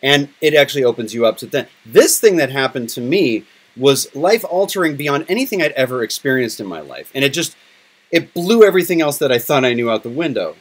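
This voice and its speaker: A man's voice: mid-range voice, sing-song, fairly quick, slightly rough. A middle-aged man hosting a podcast in casual chat, candid and emotional, swearing freely. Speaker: podcast host.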